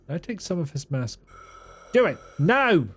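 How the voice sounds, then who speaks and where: A man's voice: fairly high pitch, big pitch swings, moderate pace, breathy edge, soft background music. A young man streaming gameplay with casual, sarcastic, swear-filled commentary and self-mocking asides. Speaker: game streamer.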